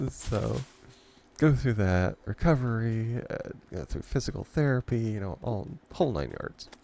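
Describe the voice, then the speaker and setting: A man's voice: fairly low pitch, expressive, a little slow, creaky, warm tone, slight background noise. A man hosting a gaming channel, rambling through a story in a casual way and chuckling often between remarks. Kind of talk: casual storytelling over gameplay.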